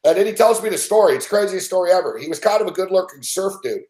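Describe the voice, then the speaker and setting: A middle-aged regular on a sports betting show tells a long anecdote in casual chat, rambling and swearing constantly. His high-pitched voice races along with lively intonation, and the recording has a roomy echo.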